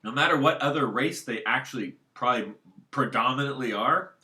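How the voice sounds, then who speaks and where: A man's voice: medium pitch, a little fast, pushed and bright. A man talking alone at home in a casual, unscripted monologue, rambling and circling back to his points. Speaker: solo commentator.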